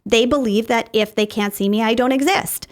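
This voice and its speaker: A woman's voice: a little high, normal speed. Woman therapist explaining with examples. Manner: explains with everyday family examples. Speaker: guest therapist. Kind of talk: podcast interview.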